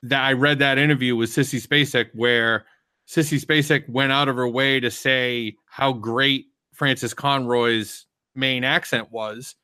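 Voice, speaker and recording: Podcast co-host, male, bright and dry, animated rambler. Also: mid-range voice, measured pace, smooth, no room sound. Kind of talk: casual chat.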